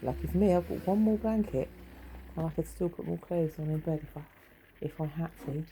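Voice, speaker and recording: A woman's voice: deep voice, fairly quick, mellow, a little hiss or hum, poor audio. A middle-aged woman chatting in a rambling, wry way at home, swearing freely. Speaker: vlogger. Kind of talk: rambling casual monologue. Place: home bedroom.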